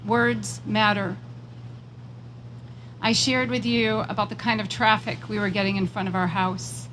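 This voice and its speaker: A woman giving a prepared political speech at a rally, measured and emphatic, slowing down on repeated phrases and moving into personal storytelling. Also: medium pitch, steady tone, a bit bright, a little hiss or hum, low-quality recording. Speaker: rally speaker.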